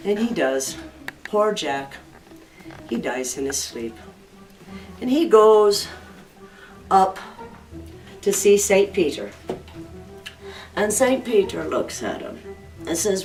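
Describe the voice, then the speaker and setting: A woman narrates a folktale with lively, playful theatrics. She sits well back from the mic in a roomy space. Faint music plays behind her. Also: medium pitch, slow pace, pauses often, recorded from a distance. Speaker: storyteller.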